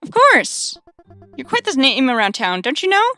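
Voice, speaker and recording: A woman's voice: sits high, wildly swooping pitch, normal speed, pushed and bright, no echo, faint music behind, pitched above the performer's own voice, full character voice. Woman putting on a doting old-lady spider. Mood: chirpy, apologetic. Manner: doting, calls everyone dearie. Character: giant sweet old-lady spider wedding planner.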